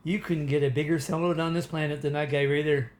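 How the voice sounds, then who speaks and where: A man's voice: a little high, fairly even intonation, fast talker, a little mellow. A man from Canada ranting in a casual, rambling way, full of fillers and restarts and breaking into laughter. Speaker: political commentator. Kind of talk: casual rant to camera.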